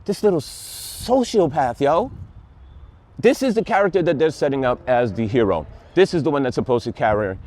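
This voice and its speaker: A man's voice: medium pitch, very animated, brisk, darkish tone. A man giving a casual, rambling and sarcastic review of a TV show, plainly exasperated.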